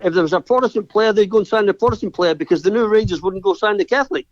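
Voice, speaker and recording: A man in casual chat with a fairly high voice. He tells old stories in a relaxed way. His voice comes over a dry, dull call line. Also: racing, no room sound. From Scotland. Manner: relaxed storyteller, laughs between lines. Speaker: guest, former footballer.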